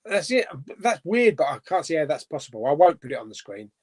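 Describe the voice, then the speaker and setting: A man's voice: a little high, sing-song, fairly quick, darkish tone. A man hosting a casual live chat, reading out viewer comments and musing aloud, laughing to himself as he goes. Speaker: host.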